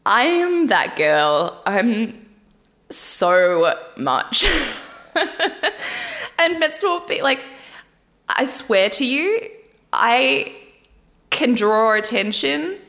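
A woman's voice: a little high, very animated, very slow, gravelly, pauses often, fairly bright tone. A young woman vlogging casually about a dating show, candid and chatty, often laughing and swearing lightly. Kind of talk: casual chat.

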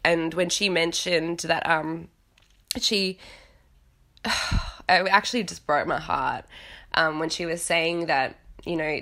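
A woman's voice: lowish voice, a bit bright. A woman recapping a reality show at home, talking in a frank, chatty way and swearing casually. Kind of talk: casual chat. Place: home with cats nearby.

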